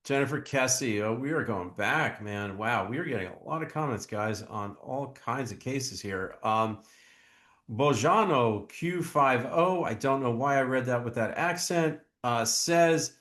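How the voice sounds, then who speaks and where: A man's voice: medium pitch, a bit bright, reverberant. A man co-hosting a true crime podcast, talking casually and earnestly, often restarting his words, as he reads viewer comments. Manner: earnest, halting, repeats words. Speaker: podcast co-host. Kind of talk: casual chat reacting to comments.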